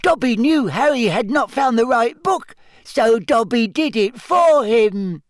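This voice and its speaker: Dobby, a squeaky house elf. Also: male voice, expressive, unhurried, no room sound. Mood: urgent. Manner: broken grammar, eager, servile.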